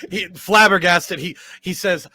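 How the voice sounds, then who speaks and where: A man's voice: high voice, unhurried, sharp tone. A man narrating a tabletop game as dungeon master, laughing often and putting on accents for the characters. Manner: laughs often, voices NPCs in shifting accents.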